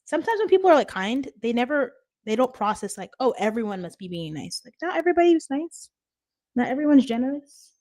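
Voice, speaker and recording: Streaming live from home on her phone, a chatty woman from Washington State reads out viewer comments and laughs often. She talks fast and very animatedly, her fairly high voice slightly mellow.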